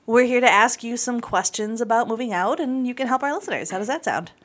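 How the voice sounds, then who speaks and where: Woman, podcast co-host, playful teasing chat, laughs a lot, very lively up-and-down pitch. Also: fast.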